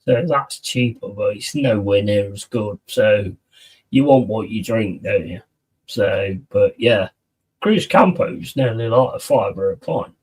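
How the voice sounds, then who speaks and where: A man's voice: fairly low pitch, a little slow, slightly rough, recorded from a distance. Chatty, sweary man streaming. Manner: swears a lot, chatty, reacts to viewers' messages. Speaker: streamer reading chat. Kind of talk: casual live-stream chat.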